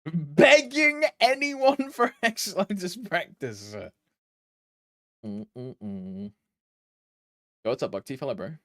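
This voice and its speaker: Brief: slow, laid-back British man with a British accent, lively pitch, casual stream chat. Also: no room sound, studio quality. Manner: laid-back, lots of laughing asides.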